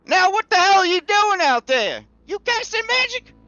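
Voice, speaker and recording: A man voicing a suspicious woman who shouts questions out a window in a tabletop game. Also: extremely high pitch, sing-song, normal speed, no echo, muffled recording, pitched above the performer's own voice, heavily acted. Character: Forrester Dunsmith, gruff suspicious woman shouting.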